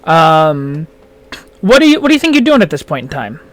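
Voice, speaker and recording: A man narrating as game master, halting and full of fillers. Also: fairly high pitch, sing-song, a bit bright.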